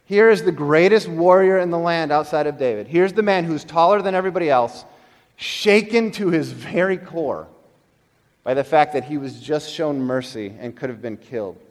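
Pastor guy preaching, kinda high voice, big hall echo, gets loud then real quiet. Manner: animated storytelling, swings between loud emphasis and quiet, slowed lines. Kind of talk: sermon.

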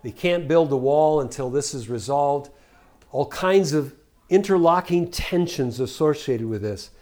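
Older man, sermon teacher, earnest, asks rhetorical questions, loud on verses, soft on reflections. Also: fairly high pitch, lively intonation, unhurried. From United States. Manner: earnest, rhetorical questions, swings between loud scripture reading and quiet asides. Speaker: preacher.

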